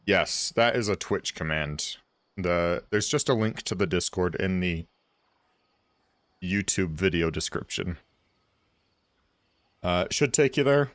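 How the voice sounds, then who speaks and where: A man's voice: low-pitched, lively intonation, a little slow, pauses often, dry recording. A man streaming a game, chatting casually and rambling with his viewers. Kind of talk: casual livestream chat.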